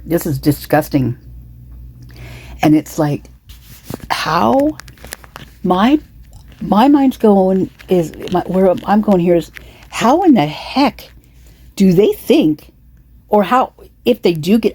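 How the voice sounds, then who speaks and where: A woman with a low, dark, husky voice rambles through casual true-crime commentary, indignant and repetitive, with many restarts and asides, at a moderate pace. She has the hiccups. The sound is dry and close, with no room ambience.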